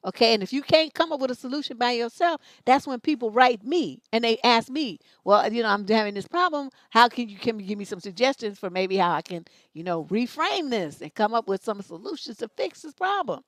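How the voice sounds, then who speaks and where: A woman's voice: fairly high pitch, lively intonation, a little fast, few pauses, dry recording. Blunt, scolding woman with dry sound. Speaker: advice show host. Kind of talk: livestream advice commentary.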